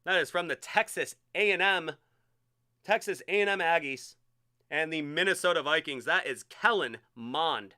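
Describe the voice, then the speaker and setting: Bright, crisp-voiced male card-break host. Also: a little high, moderate pace. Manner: excited, chatty, hyping each card. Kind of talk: live-streamed card break commentary.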